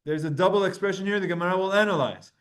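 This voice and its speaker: Male Torah teacher with a high voice, giving a relaxed line-by-line lecture. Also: very fast. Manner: reads Hebrew verses then translates and explains them casually. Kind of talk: Talmud class lecture.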